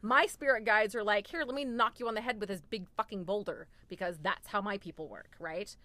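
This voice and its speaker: A woman's voice: mid-range voice, a little fast, bright, forceful tone, no room sound. A woman guest on a podcast, chatting casually in a rambling, self-deprecating way. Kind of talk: casual chat.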